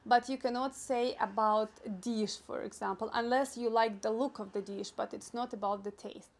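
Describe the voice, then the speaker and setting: A young woman with a Ukrainian accent, a native Ukrainian speaker teaching phrases in a casual lesson and repeating each word slowly and carefully. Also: on the high side, steady tone. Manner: slow, careful repetition of foreign words. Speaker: language teacher. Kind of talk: casual spoken language lesson.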